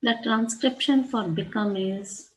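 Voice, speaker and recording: A woman's voice: a little high, unhurried, low-quality recording. Indian English woman giving a lecture. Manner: reads from text, then explains with spelled-out letters and asides in Hindi. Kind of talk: classroom lecture on phonetics.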